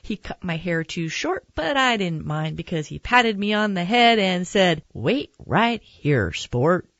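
A woman reading a children's picture book aloud in a gentle, expressive storytelling manner. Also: mid-range voice, moderate pace, no room sound, highs cut off. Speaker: narrator.

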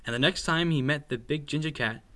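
A man reading a children's bedtime story aloud with expressive, sing-song narration. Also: a little high, fairly quick.

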